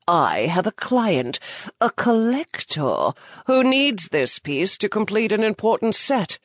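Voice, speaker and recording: Haughty mustached dealer, male, condescending and oily, put on by a woman narrator, lively swings in pitch. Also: slow pace, no echo, studio quality. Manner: condescending, snarling, then syrupy.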